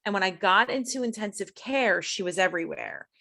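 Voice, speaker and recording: A middle-aged woman, a podcast guest, telling a personal story in a high-strung, animated way, jumping in pitch when she quotes herself. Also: gravelly. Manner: animated, acts out quoted voices with big pitch jumps; high-strung, fast-talking. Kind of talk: storytelling in an interview.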